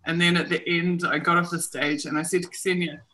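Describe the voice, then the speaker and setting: A woman's voice: lowish voice, flat delivery, a little fast, bright, forceful tone, rough recording. A woman with a New Zealand accent hosting a casual livestream chat from home, laughing often and poking fun at herself. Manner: chatty, laughs often, self-mocking. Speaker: host. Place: home room.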